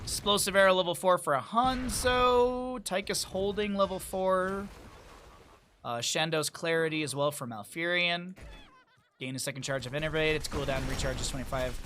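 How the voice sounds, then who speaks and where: A man's voice: high voice, lively intonation, moderate pace, sharp tone, a little hiss or hum. A man casting a video game match play by play, calling the action and slipping in chatty, joking asides. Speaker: esports caster.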